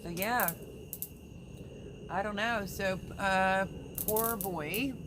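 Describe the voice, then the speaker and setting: A woman's voice: medium pitch, drawn-out words, noisy background. A woman hosting a casual livestream, chatting with viewers, reading their comments aloud and sending prayers. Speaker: livestream host.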